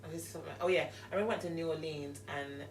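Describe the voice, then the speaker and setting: A woman's voice: low voice, rapid-fire, distant mic, slight background noise. A young woman with a London accent, a podcast guest chatting casually and telling stories emphatically. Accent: London English. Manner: animated, emphatic storyteller. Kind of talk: casual chat. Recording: roomy, off-mic.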